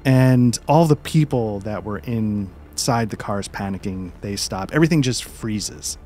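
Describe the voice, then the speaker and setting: A man running a tabletop role-playing game as game master, calmly describing scenes with frequent fillers. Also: lowish voice, measured pace, a little hiss or hum. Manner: calm descriptive narration with many fillers.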